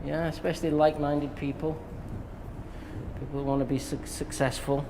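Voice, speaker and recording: An English hairdresser talks through a haircut while he works, easygoing and chatty between snips. His voice carries a long reverb from a hard-walled salon. Steady background noise sits under it. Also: a little high, moderate pace. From England. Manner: relaxed, jokey, talks while cutting. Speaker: hairdresser demonstrating a cut. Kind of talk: live haircut tutorial with banter.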